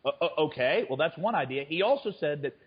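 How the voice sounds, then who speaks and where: A man's voice: a little high, expressive, fast, slightly rough, lo-fi sound. A man speaking as a trader guest in a conversational interview, often restarting his sentences. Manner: frequent stammered restarts. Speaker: guest, fund manager and trader.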